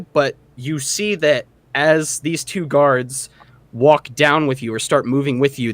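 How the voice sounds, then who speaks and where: A young man running a tabletop game as dungeon master, narrating in a relaxed way with many fillers. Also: mid-range voice, no echo.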